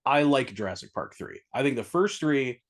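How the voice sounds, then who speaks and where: A man's voice: medium pitch, expressive, normal speed. A man co-hosting a movie podcast in laid-back chat, laughing easily. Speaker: podcast co-host.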